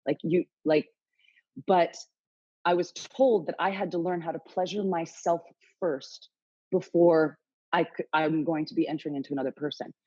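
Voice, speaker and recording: A woman's voice: sits low, steady tone, moderate pace, warm tone, husky, no echo, lo-fi sound. A woman in her late forties, a podcast guest telling her story frankly, swearing freely and acting out her own inner dialogue. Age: late 40s. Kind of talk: candid interview storytelling.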